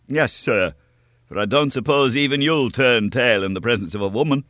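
A man voicing a hot-headed young male swordsman who shouts with fiery defiance in an audiobook story. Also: medium pitch, moderate pace, dry recording, studio quality, pitched above the performer's own voice, lightly acted. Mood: defiant.

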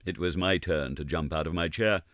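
A man reading a novel aloud in first person, earnest and measured in his delivery. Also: low-pitched, a bit bright, dry recording, clean studio sound. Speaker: audiobook narrator.

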